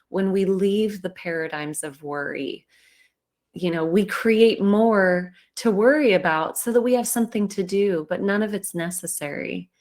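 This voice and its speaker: A woman's voice: mid-range voice, a little mellow. A woman hosting a spiritual livestream in a casual, reflective way, laughing easily as she talks.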